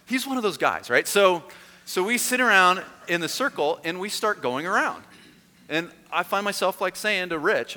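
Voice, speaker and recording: A man preaching a sermon, telling stories with put-on voices and shouts, then turning quiet and earnest. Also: on the high side, sing-song, moderate pace. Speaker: pastor. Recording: long hall reverb, faint noise.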